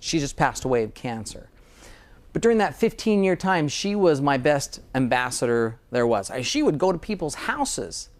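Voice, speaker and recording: A middle-aged American dentist in a casual interview, earnest and sometimes getting emotional about his work. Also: mid-range voice. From United States.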